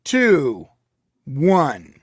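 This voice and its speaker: A man's voice: a little high, huge pitch swings, drawn-out words, breathy edge, no room sound, studio quality. A man hosting a live watch-along stream, chatting casually and laughing often. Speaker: stream host.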